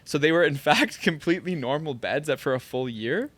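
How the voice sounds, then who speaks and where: A man's voice: a little high, a little fast, no room sound. A man in a podcast studio, a former pro soccer player telling stories in a casual chat, full of "like". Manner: animated storyteller, heavy use of "like".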